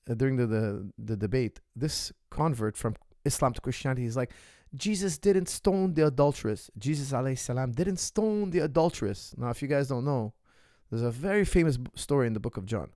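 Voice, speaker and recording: A man talks through his views in a casual solo monologue. He is emphatic, hammers points by repeating them and swings from loud to soft. His voice sits at an ordinary middle pitch, and the recording is dry with no room sound. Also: no echo. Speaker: martial arts coach hosting a Q&A.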